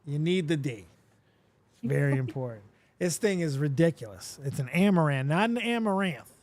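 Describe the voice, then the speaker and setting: A man hosting a live stream, chatting casually, reading viewer comments aloud and swearing freely in an animated way. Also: on the high side, brisk. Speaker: livestream host.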